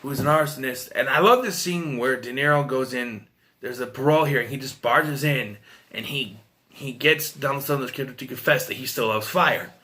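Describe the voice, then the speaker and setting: A man's voice: medium pitch, brisk, bright, forceful tone. A man giving a casual, rambling film review, chatty and full of restarts and asides. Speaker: movie reviewer.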